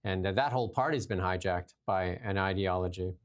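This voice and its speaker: Blunt, animated talk show host man. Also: low voice, a little fast. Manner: animated, blunt, laughs often. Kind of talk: casual political talk show chat.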